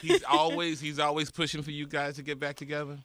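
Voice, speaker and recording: A man's voice: on the high side, little pitch movement, fairly quick, a bit bright. A man co-hosting a casual talk show, teasing playfully and laughing often. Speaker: co-host. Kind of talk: casual chat.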